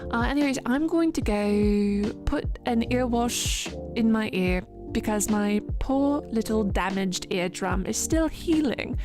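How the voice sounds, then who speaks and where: A woman's voice: a little high, lively intonation, measured pace, few pauses. A tipsy woman live streamer signing off in a rambling, self-mocking, swearing chat, with music behind. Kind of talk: casual end-of-stream chat.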